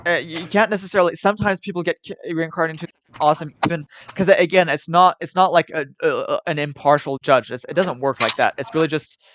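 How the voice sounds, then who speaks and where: A man's voice: a little high, quick pace, fairly bright tone. A man chatting casually on a live stream as a guest, hesitant, often repeating words and laughing off requests. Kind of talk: casual chat.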